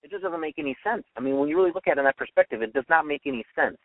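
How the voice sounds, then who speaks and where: A young man rattles through an opinionated radio monologue at a fast clip, arguing and slipping into quick quoted voices. The sound is thin and phone-like, with the voice set back from the mic. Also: fairly high pitch, expressive, no room sound, far from the mic. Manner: argumentative, acts out quoted voices.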